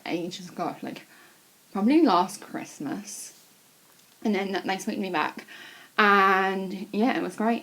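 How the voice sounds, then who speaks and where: Young woman, chatty vlogger, blunt and excitable, swears freely. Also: mid-range voice. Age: young adult. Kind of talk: casual chat to camera.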